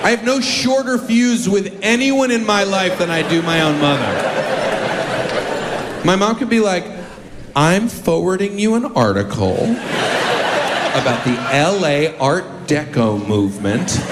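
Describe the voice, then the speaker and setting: Animated high-voiced stand-up man. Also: a little slow, long pauses, roomy sound, in a large hall. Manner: animated, shouting punchlines. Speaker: stand-up comedian. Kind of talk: stand-up routine. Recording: loud crowd and noise.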